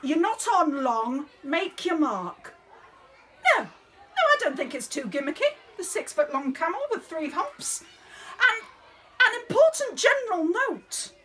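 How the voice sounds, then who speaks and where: A woman's voice: extremely high pitch, big pitch swings, a little slow, noisy background, full character voice. A woman playing a fussy, bossy drama director running a school nativity rehearsal, in a theatrical, exasperated comic monologue.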